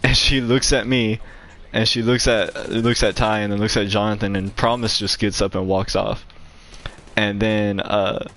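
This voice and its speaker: Young man, gaming channel host, casual storytelling, lots of fillers, slightly low voice. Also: level tone, normal speed, fairly bright tone, slight background noise. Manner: rambling, heavy use of "like" fillers, laughs often.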